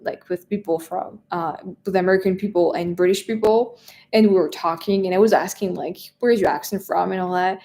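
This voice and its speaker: Woman, French accent, French native speaker, casual live stream chat, low-pitched voice, laughs often, repeats words. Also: steady tone, brisk, gravelly, mellow. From France.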